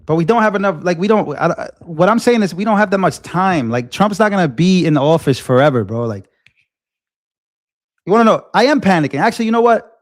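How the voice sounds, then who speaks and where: A man in his twenties hosting a livestream, talking in an impassioned, animated way and often repeating himself while answering chat. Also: high voice, brisk. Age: 20s. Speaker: livestream host.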